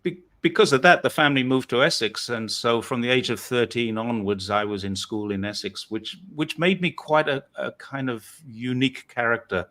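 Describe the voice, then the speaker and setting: A man's voice: medium pitch, moderate pace, few pauses, a bit bright. A man from northeast England hosting a casual chat, rambling and self-deprecating as he tells his story. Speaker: host.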